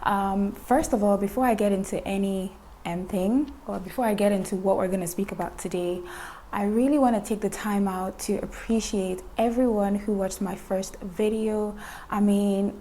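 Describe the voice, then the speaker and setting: A woman's voice: medium pitch, a little hiss or hum. A young woman talking to camera in a casual chat, repeating words for emphasis and laughing at her own jokes. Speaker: vlogger.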